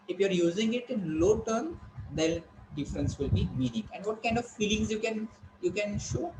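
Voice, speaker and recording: A man teaching online, explaining slowly with frequent fillers and repetition. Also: sits high, a little hiss or hum, poor audio. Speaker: English teacher. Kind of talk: online lecture to students.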